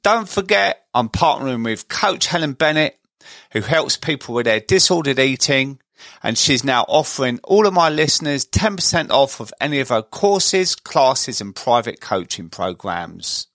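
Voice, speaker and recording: A man's voice: mid-range voice, big pitch swings, moderate pace, fairly bright tone, no echo. A man hosting a podcast, reading a scripted intro and then chatting with his guest in a friendly way. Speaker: podcast host.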